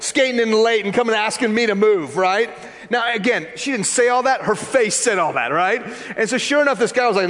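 High-voiced man preaching in a hall. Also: brisk. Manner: animated, conversational, acts out quoted voices. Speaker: pastor. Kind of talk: sermon with storytelling.

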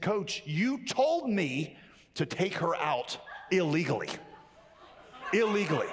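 A middle-aged man preaching a sermon, telling a story with lively acted-out voices and many restarts. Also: a little high, breathy edge, long reverb tail. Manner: animated storyteller, acts out voices, frequent restarts. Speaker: pastor.

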